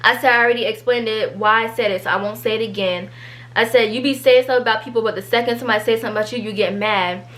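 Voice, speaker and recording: A teenage girl, telling a storytime vlog and reading out an argument, animated and exasperated. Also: on the high side. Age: teens. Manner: animated, exasperated, quick asides. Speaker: vlogger.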